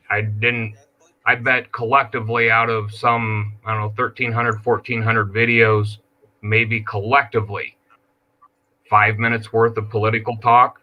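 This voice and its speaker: A man telling stories in relaxed, joking casual chat as a guest on a live stream panel. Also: lowish voice, muffled recording. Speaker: guest panelist, former channel owner.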